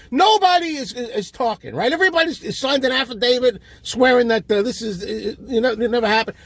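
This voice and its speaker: High-pitched husky man ranting. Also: dry recording. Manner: exasperated, insulting, ranting. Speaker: comic ranting host. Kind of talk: comedic rant.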